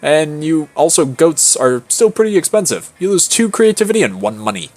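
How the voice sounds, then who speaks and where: A man's voice: on the high side, very animated, normal speed, darkish tone. A man streaming a game, reading its text aloud in a casual manner that includes swearing.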